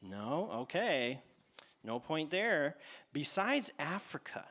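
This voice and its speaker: A man hosting a playful animal quiz for children on a church stage, teasing and drawing out his questions. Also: a little high. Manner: animated, teasing, exaggerated pauses. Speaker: quiz host at a church kids' event.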